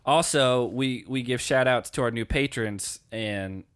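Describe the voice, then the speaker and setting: A man hosting a podcast in relaxed casual chat, hesitant with fillers. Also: medium pitch, a little slow, clean tone. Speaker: podcast host.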